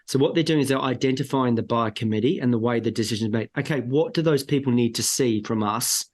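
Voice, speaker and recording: A man's voice: mid-range voice, fast talker. A man, a sales trainer on a podcast, coaching emphatically and acting out buyer lines. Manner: emphatic, animated coaching with acted-out buyer quotes. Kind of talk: podcast interview.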